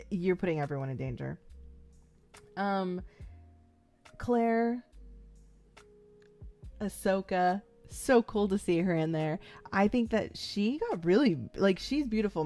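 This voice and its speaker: Rambling young woman, mellow low voice. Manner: rambling, lots of "like" and "um" fillers; playfully acts out characters' lines. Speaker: vlogger reacting to a TV series. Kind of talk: casual first-time-watch reaction chat.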